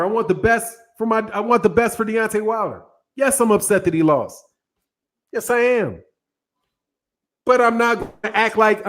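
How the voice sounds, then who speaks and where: A middle-aged man hosting a boxing channel, giving a casual, animated reaction, repeating his points and talking straight to the viewers. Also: high voice. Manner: laughs often between points.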